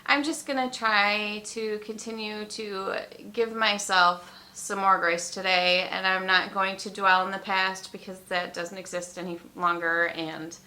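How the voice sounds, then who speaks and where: A woman talking openly in a personal vlog, emotional and halting, fighting back tears and pausing often with fillers. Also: medium pitch, little pitch movement, sharp tone. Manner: emotional, tearful, halting with many ums. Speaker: vlogger.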